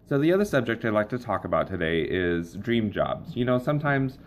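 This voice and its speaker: A man's voice: on the low side, big pitch swings, fairly quick, few pauses, slight background noise. A man hosting his own comedy vlog, chatting casually to camera in a rambling, playful way. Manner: rambling, playful, with frequent fillers. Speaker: host of a comedy vlog show.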